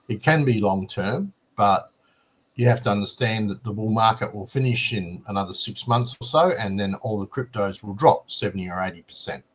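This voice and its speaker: A man with a fairly low voice joins a live stream as co-host. He talks in an easygoing, matter-of-fact way, often checking in with a quick "right?". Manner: relaxed, explains plainly, ends points with "right?". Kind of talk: casual chat.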